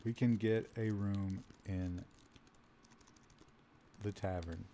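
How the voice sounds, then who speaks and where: Man playing a deadpan adventurer. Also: on the low side, takes it slowly, a little hiss or hum, pitched below the performer's own voice.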